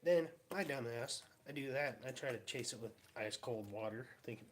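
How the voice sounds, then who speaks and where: A man's voice: medium pitch, expressive, moderate pace. Laid-back man telling rambling stories. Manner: rambling, laughing storyteller who acts out quotes. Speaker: vlogger. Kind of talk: casual storytelling. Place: home garage.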